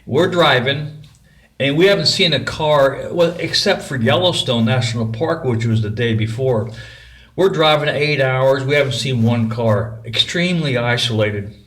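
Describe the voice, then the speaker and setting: A man's voice: medium pitch, moderate pace, fairly bright tone. Folksy middle-aged man telling a story. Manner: folksy, rambling. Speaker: vlogger. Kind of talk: personal storytelling.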